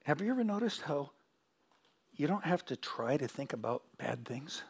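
A man's voice: fairly high pitch, very animated, normal speed, vocal fry, breathy edge. A middle-aged man pastor preaching a sermon, telling stories and asking the audience questions, with repeated phrases.

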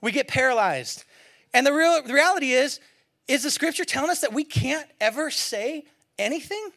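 Male pastor, very high voice, gravelly edge, casual joking sermon, middle-aged. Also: lively intonation, normal speed, pushed and bright. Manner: conversational, joking, acts out quoted voices.

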